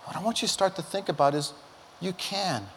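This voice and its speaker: A middle-aged male pastor preaches a sermon in a church auditorium, telling stories with animation and acting out quotes. His voice sits high and brisk, with slight background noise and a long hall reverb on the recording.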